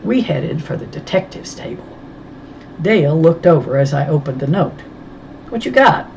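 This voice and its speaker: A woman narrating a first-person audiobook in a wry, brisk storytelling manner. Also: low voice, vocal fry, warm tone, dull audio, a little hiss or hum. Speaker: audiobook reader.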